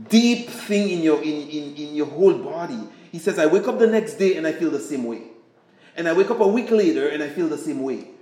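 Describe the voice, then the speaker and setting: A man with a slightly raised pitch preaches in a relaxed, conversational way, often stopping to restart or repeat a word. His voice rings out in a reverberant room. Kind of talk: sermon.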